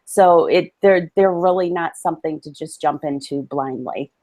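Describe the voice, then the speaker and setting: A woman guest in a casual interview, enthusiastic and friendly with quick asides. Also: sits low, darkish tone. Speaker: guest, book promotion company owner.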